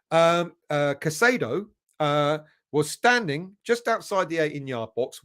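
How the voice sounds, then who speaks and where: This man has a fairly high, fairly bright voice and hosts a live stream for a football fan channel. He chats easily, reading viewer comments aloud and greeting commenters by name with a little chuckle.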